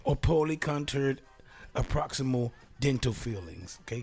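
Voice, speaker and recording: A man's voice: mid-range voice, animated, moderate pace, vocal fry, darkish tone, slightly rough. A man hosting a casual solo talk show, reading aloud and joking around, laughing often and dropping into whispered asides. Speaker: radio host.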